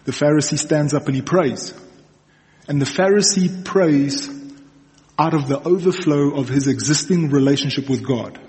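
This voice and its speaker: A man's voice: fairly high pitch, darkish tone. A young adult man giving a sermon in a conversational storytelling manner, checking in with the audience often. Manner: conversational storytelling, frequent okays and restarts. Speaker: preacher. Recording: long reverb in a large hall.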